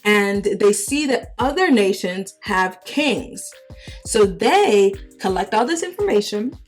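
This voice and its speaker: A young adult woman hosting, retelling Bible stories in a lively, slangy, conversational way. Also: mid-range voice, slow pace, faint music behind. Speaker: host. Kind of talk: casual Bible storytelling.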